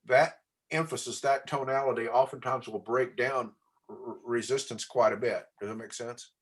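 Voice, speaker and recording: A man's voice: mid-range voice, steady tone, moderate pace, breathy edge. Man, real estate trainer, coaching tone, checks in with the class. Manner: coaching, asks the class questions.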